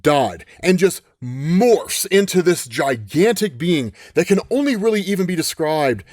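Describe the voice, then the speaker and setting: Man, comic recap host, lively rising and falling pitch, slightly high voice, dry close sound. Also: no echo. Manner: animated retelling, acts out lines in quick quotes, frequent "right?". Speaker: comic book explainer. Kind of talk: casual comic recap narration.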